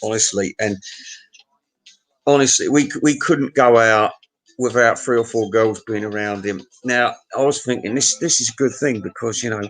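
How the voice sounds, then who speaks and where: A man's voice: mid-range voice, moderate pace, fairly bright tone, low-quality recording. Rambling Englishman telling crude pub stories. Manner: crude, meandering storytelling, chuckling at his own tale. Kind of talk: rambling pub anecdote monologue.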